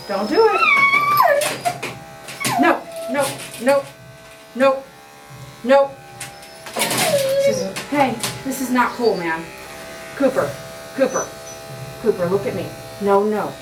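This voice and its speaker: A woman dog groomer who coaxes and scolds a dog while she trims it, then explains her steps. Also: fairly high pitch. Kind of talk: grooming tutorial, talking to the dog. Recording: roomy sound, mic at a distance, clipper noise. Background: electric clippers buzzing.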